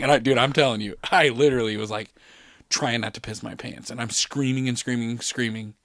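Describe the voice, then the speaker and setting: A man spins a rambling, swear-filled story on a podcast, laughing as he goes. His voice sits at an ordinary middle pitch, and the sound is dry and close with no room echo. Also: steady tone, brisk, a bit bright. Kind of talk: casual chat. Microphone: podcast studio mic.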